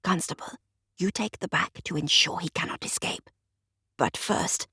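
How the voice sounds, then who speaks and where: A woman voicing a calm, formal male detective with a precise, measured manner, in an audiobook mystery. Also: high voice, creaky, husky, no room sound, studio quality, heavily acted. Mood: hushed, commanding.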